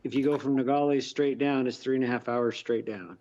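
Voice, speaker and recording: A man's voice: medium pitch, fairly even intonation, fairly quick, darkish tone. A man in his fifties on a video call, chatting casually and rambling through long easygoing stories. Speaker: real estate investor and contractor on an accountability call. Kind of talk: casual chat. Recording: dull lo-fi video call audio.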